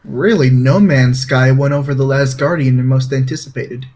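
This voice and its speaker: A man co-hosting a casual podcast, laughing often and running through a list in a relaxed way. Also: medium pitch, moderate pace. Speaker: podcast co-host. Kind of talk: casual chat.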